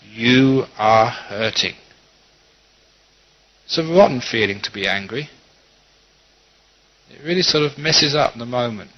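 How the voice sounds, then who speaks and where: A middle-aged man gives a Buddhist dharma talk as a monk, teaching in a gentle, conversational way and slipping into quoted asides. His voice sits at an ordinary pitch. The recording is dull and lo-fi.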